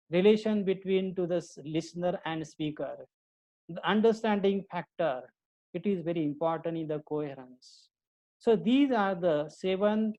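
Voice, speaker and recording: A woman teacher giving a recorded lecture to her students, explaining slowly and deliberately and often repeating and restarting her points. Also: fairly low pitch, a little mellow, low-quality recording. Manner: slow, deliberate explaining with frequent restarts and repetition.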